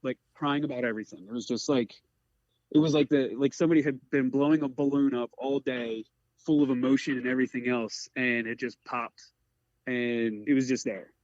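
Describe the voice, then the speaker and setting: A man in his forties from the Eastern Shore of Maryland, a career firefighter telling a personal story in an earnest, halting way full of "like" fillers. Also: mid-range voice, fairly even intonation, darkish tone, no room sound. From Eastern Shore of Maryland, USA. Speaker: career firefighter, podcast guest. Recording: dry, slightly muffled audio.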